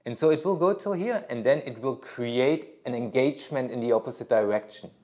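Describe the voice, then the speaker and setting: A man's voice: medium pitch, a little fast, a little mellow. A middle-aged man, a yoga teacher, talking casually at a studio workshop, rambling with many fillers and restarts.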